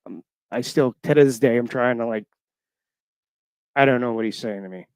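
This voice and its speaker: Halting, emotional man in his thirties. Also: mid-range voice, darkish tone, smooth, no echo. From Florida. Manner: halting, emotional, many fillers. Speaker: caller. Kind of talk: casual storytelling. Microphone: call-in line.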